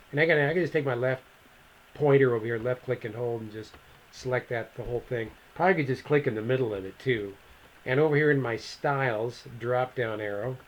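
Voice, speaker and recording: A man over fifty teaching a software lesson, thinking aloud as he clicks through the steps and correcting himself casually. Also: mid-range voice, slight background noise, low-quality recording. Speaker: instructor. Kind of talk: screen-recorded software tutorial.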